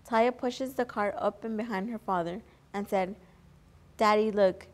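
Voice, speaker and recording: A woman's voice: mid-range voice, normal speed. Young woman reading a picture book aloud. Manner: earnest, with small slips and restarts. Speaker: volunteer story reader.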